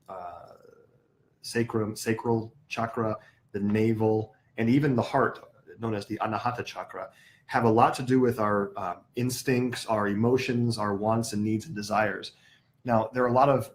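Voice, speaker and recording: A man with a slightly low voice teaching a live yoga class. He lays out ideas step by step and stops now and then to correct his wording. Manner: explanatory, pauses to correct himself.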